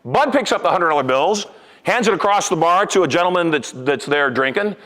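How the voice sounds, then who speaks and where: A man giving a live motivational talk to a room of sales agents, telling stories in an animated way with sudden loud bursts. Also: fairly high pitch, brisk. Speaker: motivational speaker. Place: large event hall. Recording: long hall reverb.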